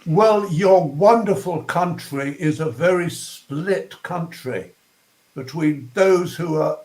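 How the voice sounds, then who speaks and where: A man's voice: fairly high pitch, takes it slowly, a little mellow, echoey room, rough recording. An older man with a posh southern English accent, a guest talking reflectively and searching for words with ums and restarts. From England. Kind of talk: reflective interview talk.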